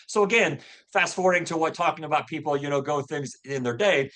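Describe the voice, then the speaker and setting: A man's voice: fairly high pitch, a little fast, few pauses, fairly bright tone. A man in his fifties telling a personal faith story as a podcast guest, earnest and full of restarts and fillers. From Louisville, Kentucky. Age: 50s. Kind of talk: personal storytelling in a casual interview.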